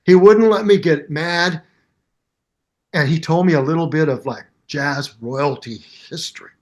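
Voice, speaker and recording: Older man, seventies, storytelling interview guest, acts out voices, slightly high voice. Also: measured pace. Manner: acts out both sides of the story in voices, lively. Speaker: guest musician.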